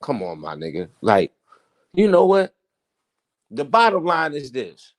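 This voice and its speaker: A man hosting a casual current-events commentary, teasing and theatrical, swinging between loud outbursts and hushed asides. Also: on the high side, huge pitch swings, unhurried. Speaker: host.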